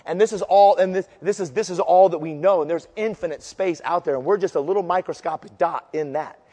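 A male preacher giving an impassioned sermon, moving between fervent declarations and quieter storytelling. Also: high-pitched, brisk, big-room sound.

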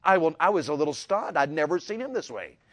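A man telling a folksy personal story, animated and repetitive, rising to loud peaks. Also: on the high side, fast talker. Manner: animated, repeats words, builds to loud peaks. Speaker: storyteller speaker.

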